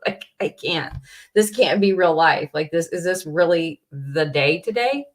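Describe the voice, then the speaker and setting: Slow, exasperated woman livestreaming. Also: fairly low pitch, expressive. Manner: exasperated, rambling, many "like"s and restarts. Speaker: livestream host. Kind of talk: casual livestream chat, reading chat.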